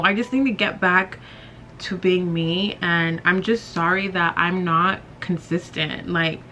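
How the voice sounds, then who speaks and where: With a medium-pitched, slightly bright voice and a bit of hiss or hum in the recording, a twenty-something woman talks openly while applying makeup in her bedroom. This beauty vlogger rambles and leans heavily on filler words.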